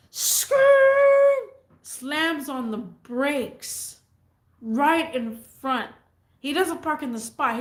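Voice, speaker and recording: A woman's voice: on the high side, sharp tone, roomy sound. A woman vlogger casually and animatedly retelling a neighbor story, rambling as she goes.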